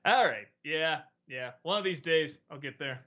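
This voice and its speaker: A man's voice: on the high side, moderate pace, dull audio. A man hosting a weekly question-and-answer stream, chatting casually and rambling through viewer questions with frequent laughs. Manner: relaxed, rambling, laughs often.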